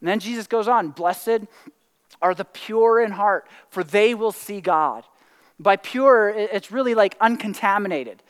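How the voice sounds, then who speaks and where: A man preaching a sermon in a conversational way, full of "like" and "right?", now and then breaking into excited whoops. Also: sits high, unhurried, smooth, long reverb tail. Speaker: pastor.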